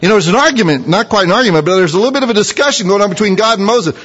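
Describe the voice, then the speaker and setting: A man preaching a sermon in a conversational, animated storytelling manner with frequent asides. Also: sits high, racing, hardly any pauses, husky. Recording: dull recording in a reverberant hall.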